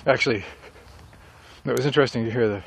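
Speaking fast in a medium pitch with vocal fry and a fairly bright tone, a middle-aged man vlogs about writing while walking. He reflects loosely on dialogue, rambling a little, as traffic sounds faintly around him.

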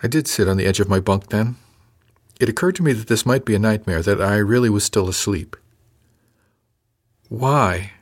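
A man with a low voice reads a first-person science fiction novel aloud. His storytelling is measured and dry, paced evenly through the narration. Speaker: audiobook narrator.

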